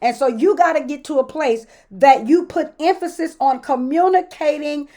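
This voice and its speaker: High-voiced woman pastor talking casually. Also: normal speed, mellow. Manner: conversational and colloquial, repeats words as she builds a point; greets viewers by name between points. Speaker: pastor and host. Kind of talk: casual motivational talk to live viewers.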